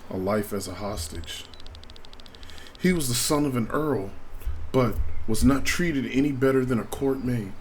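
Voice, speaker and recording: A man reading the part of a composed young princess from a role-playing game, her lines spoken in an everyday mid-pitched male voice. The reading stays fairly plain and level, with a faint hiss behind it. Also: a little slow, lightly acted. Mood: earnest.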